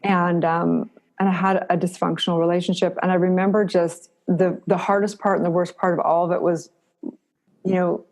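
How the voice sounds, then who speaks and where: Gravelly, earnest middle-aged woman. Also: on the low side, level tone, moderate pace, a little mellow. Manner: earnest, encouraging, repeats phrases for emphasis. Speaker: podcast guest. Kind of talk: reflective interview answers.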